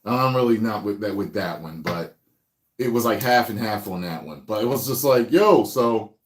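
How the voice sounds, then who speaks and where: A young adult man hosting his channel, chatting casually with viewers and dropping between a relaxed low voice and loud bursts. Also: moderate pace. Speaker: channel host.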